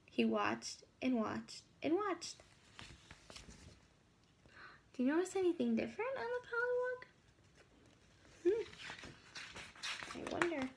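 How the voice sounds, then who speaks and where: A woman reading a picture book aloud to children, pausing to ask her young listeners questions. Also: sits high, lively intonation, slight background noise. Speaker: children's story reader.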